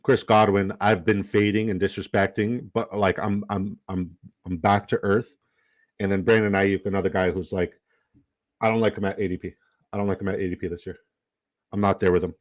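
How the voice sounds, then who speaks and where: A man's voice: low voice, little pitch movement, fairly quick. A man giving casual livestream commentary while drafting, reading the chat aloud and swearing casually. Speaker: fantasy football draft streamer.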